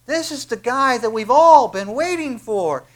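An exultant ancient prophet, loud and rejoicing, his voice pitched well up, as a preacher acts him out. He calls out in ringing, high tones. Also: lively intonation, measured pace. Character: joyful ancient male prophet hailing another.

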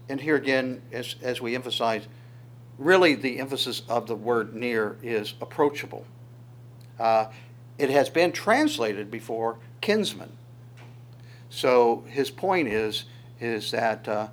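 Man preaching, energetic Bible teaching, medium pitch, lively rhetorical delivery. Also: a little slow. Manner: animated, voices God's words in quotes, asks rhetorical questions, chuckles. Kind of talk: sermon teaching through Psalms.

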